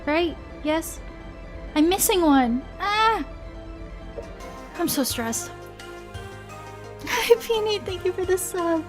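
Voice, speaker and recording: Anxious high-voiced woman gaming streamer. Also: animated, very slow, pauses often. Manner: anxious, swearing, talks to herself. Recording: faint music behind.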